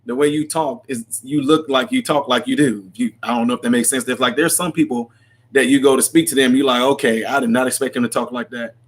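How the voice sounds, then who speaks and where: Speaking quickly in a mid-range voice with fairly even intonation, this man hosts a casual livestream. He rambles as he reads and responds to viewer comments, laughing frequently.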